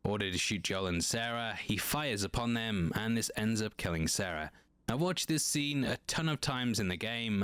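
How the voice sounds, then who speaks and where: A man giving a scripted, measured narration breaking down a TV episode scene by scene. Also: medium pitch, a bit bright, no room sound. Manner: measured, analytical.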